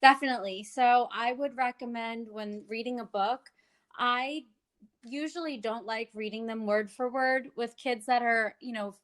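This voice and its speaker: Woman, speech therapist, interview answers, animated, playful, fairly high-pitched. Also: measured pace. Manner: animated, switches into playful sing-song child-talk examples. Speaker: speech-language pathologist guest.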